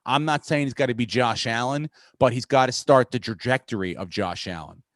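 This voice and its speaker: A man hosting a podcast, talking sports in a profane, rambling, excitable way. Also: mid-range voice, brisk, no room sound. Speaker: podcast host. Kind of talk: casual sports chat.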